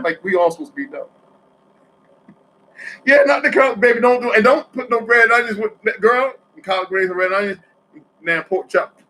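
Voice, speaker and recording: A husky, high-voiced man from New Jersey rambles through a profane monologue, lurching between loud outbursts and quiet asides. The recording quality is low.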